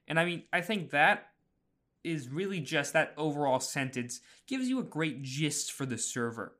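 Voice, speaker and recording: A man's voice: medium pitch, pushed and bright. A man hosting a casual podcast recap, chatty, with frequent fillers, restarts and small laughs. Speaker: podcast host.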